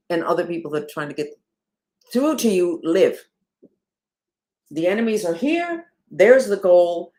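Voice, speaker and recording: A woman, a spiritual movement leader, talking casually and rhetorically to her followers, swinging between emphatic and hushed delivery. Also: low voice.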